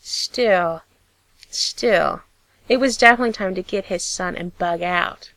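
A woman narrating a story in a measured, expressive reading style on a close mic. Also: medium pitch, no echo. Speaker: audiobook reader.

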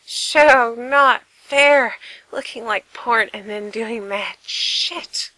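A man's voice: very high-pitched, very slow, sharp tone, no echo, full character voice, poor audio. A woman voicing an eager young man who swears and breaks off mid-sentence in a romance story reading. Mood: excited.

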